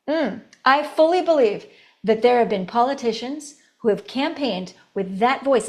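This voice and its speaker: A woman voice coach teaching a recorded course, animated, demonstrating tones and laughing between points. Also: normal speed. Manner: animated, demonstrating each tone with shifts in pitch and volume.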